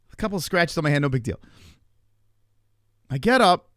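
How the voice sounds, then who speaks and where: A man in his forties telling a long story to his stream chat in a rambling, profane, animated way. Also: a little high. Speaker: live streamer.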